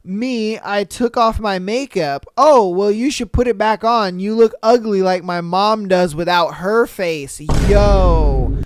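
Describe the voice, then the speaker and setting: A man's voice: sits high, slow, clear, resonant tone. A man hosting a casual podcast, reading listener posts aloud and reacting with profane slang and laughter. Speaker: podcast host.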